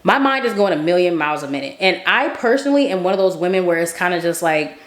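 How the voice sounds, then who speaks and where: A woman's voice: fairly low pitch, expressive, quick pace. A young adult woman vlogger telling a story casually, chatty, with lots of fillers and frequent asides of "right?". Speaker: faith vlogger. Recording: roomy echoey room.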